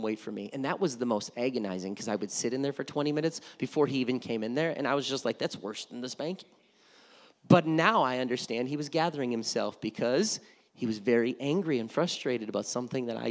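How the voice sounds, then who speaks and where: A middle-aged man preaching a sermon as pastor, conversational and often repeating words as he starts a thought. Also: mid-range voice. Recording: long reverb of a hall.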